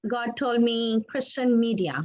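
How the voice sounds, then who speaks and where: A woman recounts a personal testimony in a high voice. She speaks earnestly, stopping and restarting her words. The audio sounds dull and muffled. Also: unhurried, a little mellow. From Pakistan. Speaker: interview guest, author.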